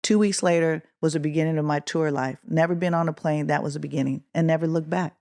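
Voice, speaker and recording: A middle-aged woman from Oakland, California, a guest musician telling a story in an interview, acting out the quotes with a rising voice. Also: quick pace. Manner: animated, acts out quotes with rising pitch.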